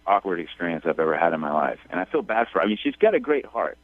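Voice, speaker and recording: A man calling in to a radio show, talking in a halting way with many restarts. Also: deep voice, very animated, dry recording. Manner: halting, full of restarts and fillers. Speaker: caller. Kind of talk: radio call-in conversation. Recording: tinny phone line.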